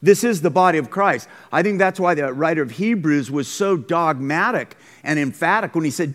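A man's voice: a little high, lively intonation, moderate pace, few pauses, a bit bright. A man preaching a conversational, emphatic sermon as pastor, recorded in a school gym. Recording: long hall reverb.

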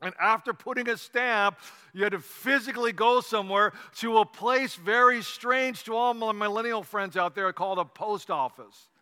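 Brief: male pastor, conversational and animated sermon, high bright voice, long hall reverb. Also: normal speed, clean tone. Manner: animated storytelling, conversational asides.

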